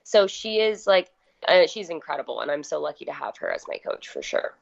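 A young woman guest in her twenties, a little hoarse, chatting casually with lots of "like" fillers. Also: sits low, sing-song, fairly quick, lo-fi sound. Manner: chatty, filler-heavy, uses "like" a lot. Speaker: guest athlete. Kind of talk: casual interview chat.

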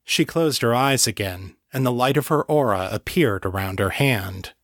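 Male narrator, measured storybook reading, close dry mic, mid pitch. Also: lively intonation, fairly bright tone, dry recording. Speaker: audiobook narrator. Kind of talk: scripted narration.

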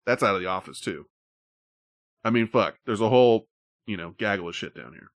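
A man's voice: fairly low pitch, animated, brisk, dry recording. Man, stream host, casual chat, rambling, swears a lot, dry close sound. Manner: loose, profane, rambling.

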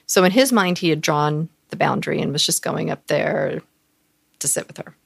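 Gravelly low-voiced woman telling a story. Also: moderate pace, no echo. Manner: animated, acts out quoted voices, frequent fillers. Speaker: podcast co-host. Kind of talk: candid personal storytelling.

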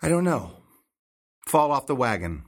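A man's voice: mid-range voice, sing-song, measured pace. An actor with an American accent playing a rumpled, arrogant assistant professor in his thirties, eager, self-assured and a little wry in a staged play reading.

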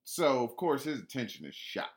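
A man's voice: medium pitch, big pitch swings, normal speed. A man talking casually about training his dog, rambling with frequent restarts and fillers. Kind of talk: casual spoken monologue.

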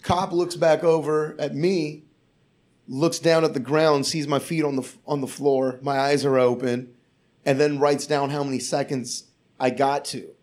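A male comedian spins a rambling, swear-heavy anecdote in relaxed podcast conversation. His voice sits a little higher than most men's, and his delivery stays loose and conversational. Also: a little slow. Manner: profane, rambling, animated retelling. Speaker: comedian telling a story on a podcast. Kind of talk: casual storytelling.

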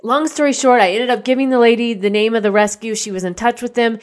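A woman's voice: on the high side, steady tone, fast. A woman hosting her own podcast, telling a story in a chatty, candid way and swearing freely when she recalls being annoyed. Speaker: podcast host. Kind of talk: casual solo podcast storytelling. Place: lives in Nashville.

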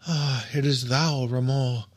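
A man voicing a tender young woman on the edge of death, speaking softly with a languishing sweetness in a storybook reading. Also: mid-range voice, steady tone, takes it slowly, pitched above the performer's own voice.

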